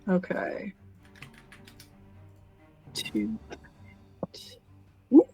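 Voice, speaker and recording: Woman, tabletop player, slow, lively pitch, husky, faint music. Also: poor audio. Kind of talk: casual tabletop play.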